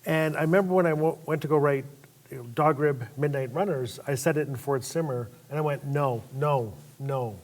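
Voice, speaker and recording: A man on a stage panel tells stories with animated energy, acting out other people's voices as he goes. His voice sits a bit high for a man. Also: brisk. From Northwest Territories, Canada. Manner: animated storyteller who acts out voices. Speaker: panel guest author. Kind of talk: storytelling on a panel. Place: stage at a lecture event.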